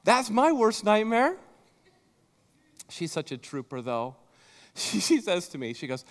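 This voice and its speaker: A man preaching a sermon, telling a story at his own expense in an animated way and speaking straight to the congregation. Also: high voice, a little slow, pauses often, long reverb tail. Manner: animated, self-deprecating storyteller who talks to the congregation. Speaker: pastor. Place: church sanctuary.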